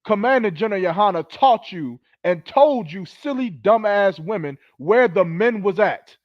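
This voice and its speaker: Scolding man with a high, dull voice. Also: animated, normal speed, no room sound. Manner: preachy, scolding, profane. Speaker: podcast host. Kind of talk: heated commentary.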